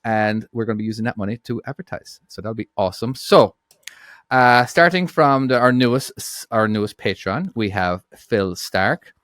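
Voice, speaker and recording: A man's voice: fairly low pitch, animated, normal speed, a bit bright, no room sound, clean studio sound. A man co-hosting a podcast in rambling, jokey, self-deprecating banter. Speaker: podcast co-host.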